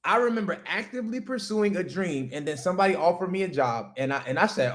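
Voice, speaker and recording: Speaking quickly with few pauses, a man with a high, expressive, fairly bright voice hosts a livestream as a business coach. He addresses his chat head-on, ranting emphatically and profanely to motivate them about business.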